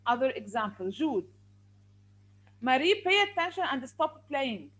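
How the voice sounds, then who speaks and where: A woman's voice: high voice, sing-song, unhurried, a bit bright, rough recording. A woman teacher, patiently explaining and counting syllables aloud in a classroom.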